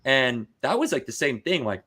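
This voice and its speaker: A man on a podcast telling casual, animated stories about card breaking, full of "dude" and "like.". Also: mid-range voice, moderate pace, breathy edge. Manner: animated, acts out quoted voices, says dude and like a lot. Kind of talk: casual storytelling chat.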